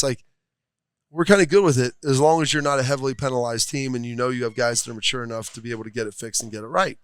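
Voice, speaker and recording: A man's voice: mid-range voice, steady tone, fast, clear, resonant tone, dry recording. A man who used to play, now an analyst, explaining football in a folksy way with examples. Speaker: former player, analyst. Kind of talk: casual sports talk. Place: restaurant, live show.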